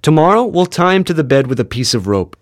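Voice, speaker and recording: A man voicing a firm, practical mother who calmly refuses in a storybook reading. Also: fairly high pitch, quick pace, voice pushed up. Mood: resolute. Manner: calm, stubborn refusals.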